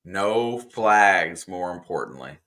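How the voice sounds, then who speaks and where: A man's voice: deep voice, animated, slow, a bit bright. A man co-hosting a game reaction stream, giving easygoing, jokey analysis. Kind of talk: casual game analysis chat.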